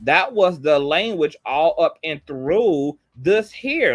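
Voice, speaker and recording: A man's voice: on the high side, animated, slow pace. A man giving a heated, blunt commentary monologue, swearing freely and repeating his points for emphasis. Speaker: online commentator.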